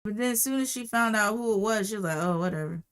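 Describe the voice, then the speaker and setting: A woman's voice: a little high, steady tone, quick pace, a bit bright, clear, resonant tone. A woman hosting a livestream, telling a casual, rambling story and repeating phrases for emphasis. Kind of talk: casual storytime while drawing.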